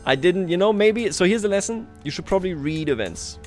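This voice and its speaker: Soft laughter and self-mockery fill this strategy-game livestream, where a man chats loosely with his audience. His voice sits high and sounds animated and fairly quick, with faint music in the background.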